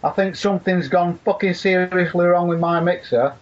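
A man's voice: high-pitched, moderate pace. A man with a Lancashire accent chatting on a podcast, rambling and swearing constantly. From Leigh, near Wigan, England. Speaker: podcast guest. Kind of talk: casual chat on a podcast. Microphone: laptop internal mic. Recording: dull lo-fi laptop mic.

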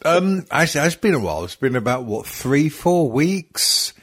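This podcast host jokes and curses his way through a rambling, filler-heavy chat, sounding worn out and yawning. His slightly high, fairly bright voice swings widely in pitch at a normal speed.

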